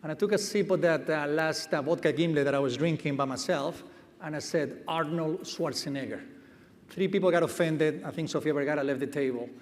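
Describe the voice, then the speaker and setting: A man's voice: a little high, fast, slight background noise. A man, a company chief executive, telling a self-deprecating story on a conference stage. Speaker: medtech company CEO. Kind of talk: onstage anecdote telling. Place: large conference hall stage. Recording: reverberant conference hall.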